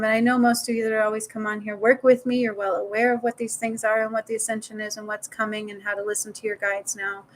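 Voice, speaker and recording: A woman's voice: a little high, fairly bright tone, rough recording. A woman talking casually to viewers in a live stream as a spiritual healer, swearing now and then and repeating words for emphasis.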